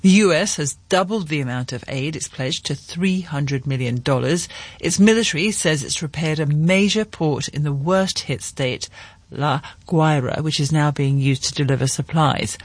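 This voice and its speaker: A man presenting the news, reading reports in a measured, serious way and questioning a correspondent. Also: fairly high pitch, dry recording. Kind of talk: scripted news reading and interviewing.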